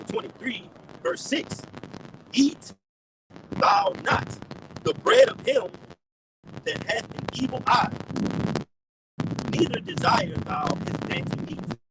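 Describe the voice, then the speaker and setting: A man street preaching outdoors, reading scripture aloud and then explaining it emphatically, often pausing to check for agreement. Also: very high-pitched. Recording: loud street noise with passing traffic.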